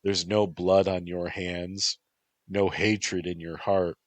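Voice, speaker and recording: A man voicing a sarcastic young man weighed down by guilt, speaking in a low, slow voice. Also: level tone, no echo. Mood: remorseful. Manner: sarcastic, quietly remorseful.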